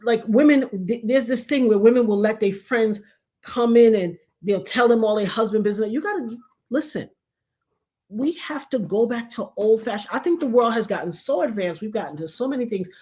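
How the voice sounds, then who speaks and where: A woman's voice: on the high side, expressive, moderate pace, mellow. A middle-aged woman, hosting a casual livestream chat and telling stories animatedly, acting out the voices of the people she quotes. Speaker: show host.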